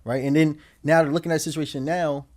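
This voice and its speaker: A man's voice: fairly high pitch, fairly even intonation, fast talker, darkish tone. A man in his twenties, a podcast guest, telling a story in a loose, slangy way and often checking in with the listener. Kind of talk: casual storytelling in conversation.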